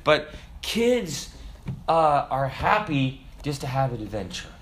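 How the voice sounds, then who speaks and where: A man preaching a sermon in a conversational, humorous way, acting out little quotes and slowing down to quote scripture. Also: medium pitch, sing-song, fairly bright tone, a little hiss or hum. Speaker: pastor.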